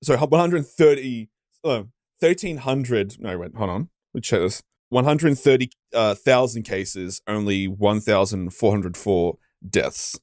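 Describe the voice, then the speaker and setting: A man's voice: lowish voice, unhurried, darkish tone, no room sound, studio quality. A man from Australia with an Australian accent, chatting casually and swearing freely on a podcast. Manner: swears freely, checks stats aloud. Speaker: podcast co-host. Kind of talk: casual chat.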